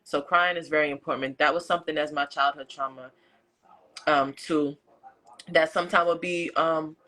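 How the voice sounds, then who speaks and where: A woman's voice: sits low, fairly even intonation, moderate pace, bright, forceful tone, poor audio. A woman hosting a podcast in casual conversation, talking earnestly and repeating phrases for emphasis. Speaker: podcast host. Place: indoor room with a fan.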